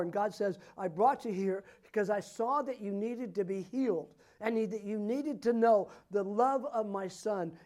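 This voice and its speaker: A man ministering as a prophet, praying and declaring prophetic words over people in a fervent style that builds to loud, emphatic declarations. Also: high-pitched.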